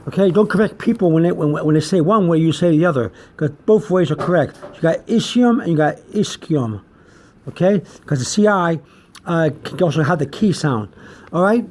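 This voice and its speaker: A man giving a casual self-made lesson, talking in a rambling, halting way with many fillers and restarts. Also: fairly high pitch, a little mellow, a little hiss or hum. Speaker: teacher.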